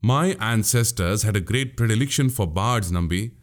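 A man's voice: fairly low pitch, animated, normal speed, pitched below the performer's own voice, close to an everyday voice. A man doing a boastful young warrior. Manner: grandiloquent, boastful storytelling. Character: young boastful swaggering male warrior, witty. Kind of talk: audiobook character voice.

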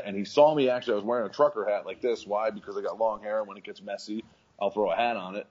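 A man with a very low, husky voice chats casually as an interview guest. He rambles along in a laid-back way, full of fillers and restarts. The audio comes through slightly muffled and lo-fi. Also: rapid-fire. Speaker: professional wrestler guest.

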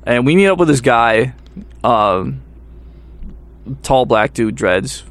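A man's voice: mid-range voice, lively intonation, takes it slowly, fairly bright tone. A young man telling a story in casual podcast chat, acting out what people said, laughing often and swearing freely. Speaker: podcast co-host.

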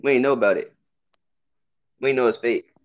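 A man's voice: mid-range voice, fairly quick. A young man giving casual wrestling opinions in a laid-back way, repeating his slang. The sound is a bit dull and lo-fi. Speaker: podcast co-host.

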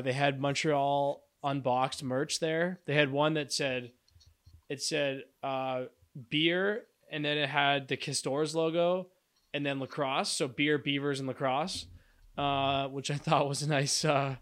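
A podcast co-host with a fairly bright, higher-pitched male voice chats casually, rambling with fillers and restarts.

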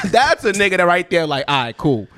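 A man's voice: high voice, big pitch swings, moderate pace, a bit bright, dry recording, studio quality. A young man hosting a podcast, chatting casually with friends in a joking, slangy way and laughing often. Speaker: podcast host. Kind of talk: casual banter among friends.

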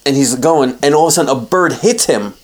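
Young man, podcast co-host, casual improvised storytelling, mid pitch. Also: animated, fast. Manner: rambling, laughing, frequent restarts.

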